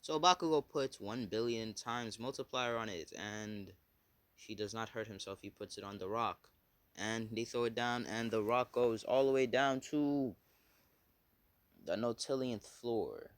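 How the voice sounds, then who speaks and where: A man with a mid-range voice spins a made-up fan fiction story off the cuff, unhurried and rambling. He corrects himself often and swears along the way, and the recording has no echo.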